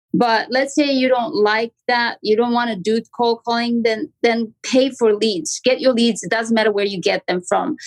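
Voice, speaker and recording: A woman guest on a podcast, a real estate agent talking casually and acting out phone calls with lively intonation. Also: medium pitch, low-quality recording. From Canada. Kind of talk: casual interview talk.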